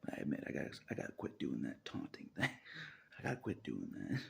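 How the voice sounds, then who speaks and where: Gravelly deep-voiced man rambling to camera. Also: wildly swooping pitch, brisk, a little hiss or hum. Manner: swings from loud outbursts to low muttering with frequent laughs. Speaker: vlogger. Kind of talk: rambling solo monologue to camera. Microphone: camera mic.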